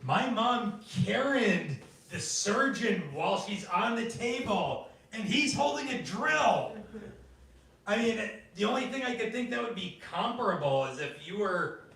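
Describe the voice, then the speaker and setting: A man doing stand-up at an open mic, telling stories in an animated way and jumping into high voices for the people he quotes. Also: measured pace, gravelly. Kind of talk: stand-up storytelling. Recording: echoey room, from a distance.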